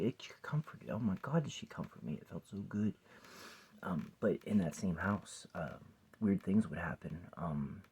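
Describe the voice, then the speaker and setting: Man, 40s, very low husky voice; rambling vlog storyteller, swears, drifts into hushed asides. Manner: rambling, swears often, drops to a near whisper at times. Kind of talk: casual personal storytelling to camera. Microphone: phone or camera close by.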